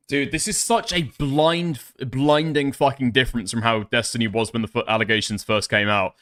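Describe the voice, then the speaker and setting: A man's voice: medium pitch, normal speed, fairly bright tone, dry recording, clean studio sound. A man hosting reaction commentary in a mocking, profane manner, laughing often. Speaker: host.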